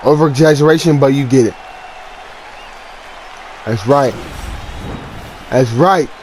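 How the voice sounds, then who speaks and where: A man's voice: medium pitch, takes it slowly, a little mellow, a faint crowd, slight background noise. A man giving casual, brash play-by-play commentary on a video game fight and trash-talking a fighter. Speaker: gaming commentator. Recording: music playing underneath.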